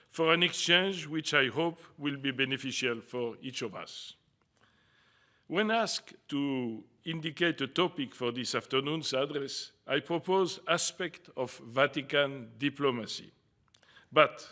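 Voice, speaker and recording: An older man with a French accent giving a formal prepared lecture as a diplomat, careful and slightly halting, with small self-deprecating asides. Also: on the high side, bright, forceful tone. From France.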